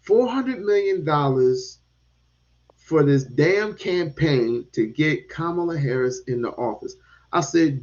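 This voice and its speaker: Slow, animated man chatting on lo-fi audio. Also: on the high side. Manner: animated, repeats words, swears casually. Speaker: podcast host. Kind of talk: casual political chat. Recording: dull lo-fi sound.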